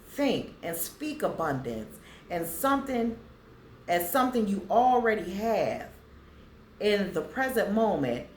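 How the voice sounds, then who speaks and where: A woman vlogger casually talking to viewers and slowly reading affirmations aloud so they can write them down. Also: lowish voice, reverberant, slight background noise. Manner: slow, deliberate reading for viewers to copy.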